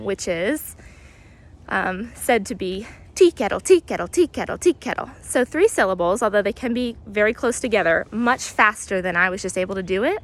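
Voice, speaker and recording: A woman guiding an outdoor nature walk, explaining bird sounds in a relaxed way with many pauses and imitating the calls. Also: mid-range voice. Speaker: naturalist guide. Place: outdoors near hedges and compost bins.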